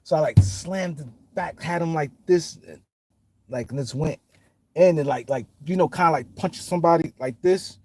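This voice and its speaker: High-voiced man rambling through a story. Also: normal speed, dark tone. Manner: rambling, heavy street slang, lots of fillers and restarts. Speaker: guest telling his life story. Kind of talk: casual storytelling.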